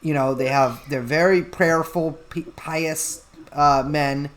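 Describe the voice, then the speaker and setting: A man's voice: on the high side, steady tone, slow pace, pitched below the performer's own voice. A man voicing a fussy gatekeeper saint in a told joke, speaking in a nervous, hesitant way. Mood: fretting. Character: fussy male gatekeeper saint at heaven's gate.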